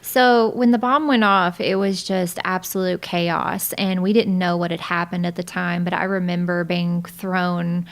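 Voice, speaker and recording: A woman in her thirties sits as a guest on a podcast and tells her own story. She speaks in a lively, animated way and often laughs between lines. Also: lowish voice, measured pace, few pauses. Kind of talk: personal storytelling in a podcast interview.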